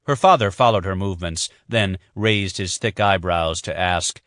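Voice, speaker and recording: A male narrator reading a thriller audiobook in a measured, even way. His voice sits low, and the recording is close and dry with no room sound. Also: no room sound. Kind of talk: scripted narration.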